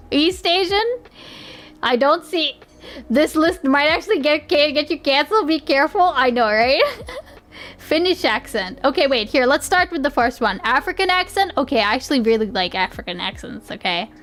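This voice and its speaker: A woman's voice: high voice, expressive, normal speed, fairly bright tone. A young woman streaming live, chatting casually in a giggly, rambling way with lots of restarts. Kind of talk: casual livestream chat.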